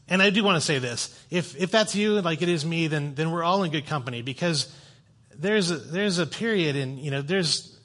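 A man's voice: a little high, fairly bright tone. A man preaching a sermon to a church congregation, in a conversational, storytelling way with self-deprecating humor. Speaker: guest preacher. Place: church sanctuary.

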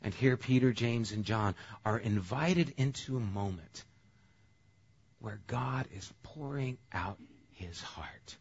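A male pastor preaching a sermon in a conversational, animated way. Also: lowish voice, slow pace, husky, highs cut off.

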